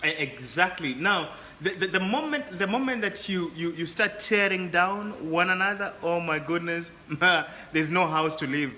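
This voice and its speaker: A man's voice: high-pitched, animated, moderate pace, hardly any pauses, sharp tone, roomy sound, a little hiss or hum. A man talking as a guest in a casual chat, often repeating words as he builds his points.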